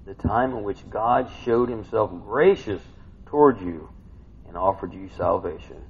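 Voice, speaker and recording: A man preaching a sermon, swinging between hushed reading and loud excited outbursts. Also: low voice, creaky, a little hiss or hum. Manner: animated, swings from hushed to shouting. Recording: dull lo-fi recording.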